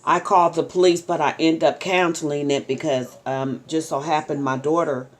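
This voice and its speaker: A middle-aged woman vlogging at home, chatting to her followers in a rambling, story-telling way with ums and soft laughs. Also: sits low, fairly even intonation, moderate pace. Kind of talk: casual chat to camera.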